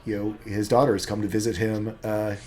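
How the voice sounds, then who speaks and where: A man's voice: fairly low pitch, level tone, fairly quick, darkish tone. A man narrating a tabletop role-playing game as game master, rambling with lots of fillers.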